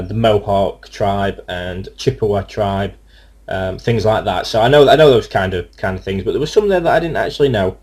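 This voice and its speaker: A man's voice: fairly low pitch, a little mellow. A young man casually commenting on his gameplay, rambling and hesitant with many fillers. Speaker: let's play gamer.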